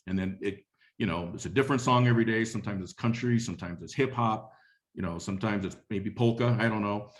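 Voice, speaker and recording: Delivering a leadership webinar, a middle-aged man shares a story in a conversational, motivational style, frequently repeating phrases, speaking quickly in a fairly low-pitched voice.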